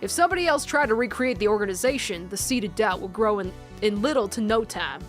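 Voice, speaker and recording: Woman reading as a calm storyteller. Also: medium pitch, faint music behind, close to an everyday voice. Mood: storytelling. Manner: measured, slow storytelling read. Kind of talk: reading a visual novel aloud.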